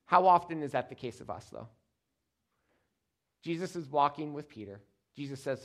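Male pastor preaching, kinda high voice, punchy pauses, gets loud then drops way down quiet. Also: expressive. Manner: emphatic preaching with dramatic pauses and repeated phrases; wide swings between loud stresses and quiet, low endings. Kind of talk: sermon.

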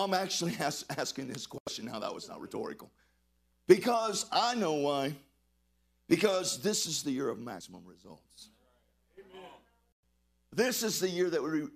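Exuberant high-voiced male preacher. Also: vocal fry. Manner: exuberant, call-and-response preaching. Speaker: pastor. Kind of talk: sermon.

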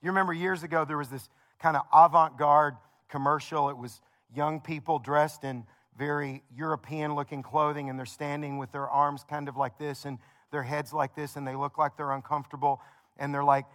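Man, pastor, sermon, slightly high voice, conversational, repetitive build-ups. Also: flat delivery, normal speed, a bit bright. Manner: conversational storytelling preacher, builds with repeated phrases.

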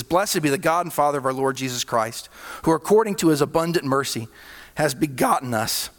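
A male pastor preaching a sermon, with sudden swells in volume and hushed, slowed drops. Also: on the high side. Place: church hall. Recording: reverberant hall.

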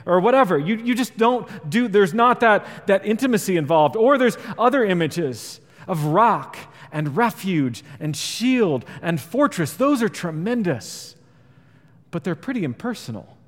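A man's voice: high-pitched, very animated, measured pace. Earnest man preaching in an echoing hall. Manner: earnest, swells louder on key points and drops quiet on scripture. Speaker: pastor. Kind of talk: sermon. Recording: long reverb of a large hall.

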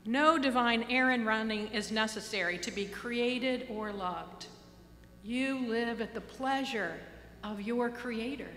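A woman pastor delivers a sermon in a bright, somewhat high voice. She speaks earnestly, slowing down on key phrases and slipping into casual asides. Her voice carries a long reverb from the church around her. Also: slight background noise.

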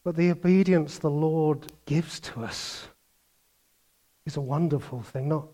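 An older man preaching a sermon, animated, swinging between loud bursts and quiet asides and mimicking other voices. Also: fairly high pitch, a little slow.

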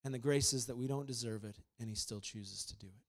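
A man preaching a sermon as pastor, swinging between loud, emphatic proclamation and quiet, conversational storytelling. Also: mid-range voice, quick pace.

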